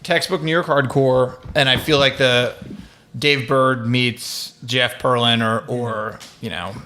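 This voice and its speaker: A man joining a casual podcast chat as a guest, making quick, wry remarks. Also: mid-range voice, steady tone, pushed and bright.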